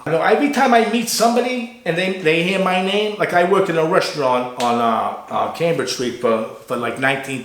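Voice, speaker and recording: A man with a Boston accent hosting a casual interview show, chatty and animated. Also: on the high side, slight background noise. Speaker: host. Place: barber shop. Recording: echoey barber shop.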